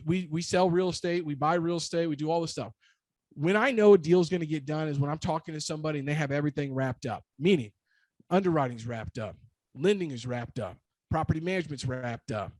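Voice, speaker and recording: A man with a slightly raised voice speaks as a guest in an energetic motivational talk. He drives his points home with short, repeated phrases. The sound is dry and close to the mic. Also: fairly high pitch, no echo. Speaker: real estate broker and guest speaker.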